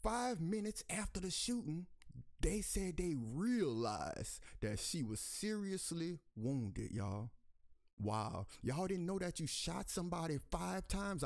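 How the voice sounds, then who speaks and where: Heated, profane man ranting at his viewers. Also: a little mellow. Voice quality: pitch jumps high when outraged. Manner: heated, profane, repeatedly addressing listeners as y'all. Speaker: commentary channel host. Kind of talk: angry commentary reading a news article aloud.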